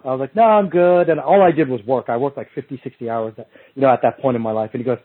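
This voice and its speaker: A man's voice: fairly high pitch, expressive, fast talker, husky. A middle-aged man, a podcast guest, telling long rambling stories in casual chat, restarting sentences and acting out quoted lines. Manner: rambling, restarts often, slips into quoted street talk. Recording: tinny phone-like remote line.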